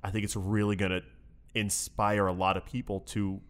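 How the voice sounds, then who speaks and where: A man's voice: fairly low pitch, little pitch movement, moderate pace. Rambling, self-mocking young man host. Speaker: podcast co-host. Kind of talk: casual chat. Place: room above a comic shop.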